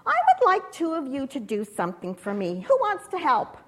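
A woman reading the part of a gentle, patient male teacher in a children's story, speaking softly and reassuringly. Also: high voice, huge pitch swings, normal speed.

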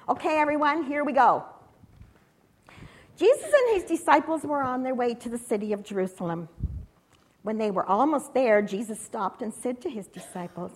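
A woman leading children in prayer and an acted-out story, animated and encouraging. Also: fairly high pitch, normal speed. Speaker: children's church leader.

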